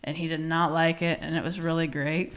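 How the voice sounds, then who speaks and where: A woman's voice: low-pitched, flat delivery, a little fast, fairly bright tone. A woman in her thirties co-hosting a podcast, telling a story in casual chat, laughing easily and swearing casually. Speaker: podcast co-host.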